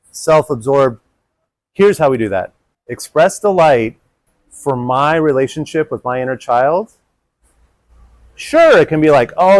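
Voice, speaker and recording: A man with a fairly high voice gives a live workshop talk and moves through a wide, lively pitch range. He jumps into higher voices when he acts out his inner child. The sound is close and dry. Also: dry recording, rough recording. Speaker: workshop speaker.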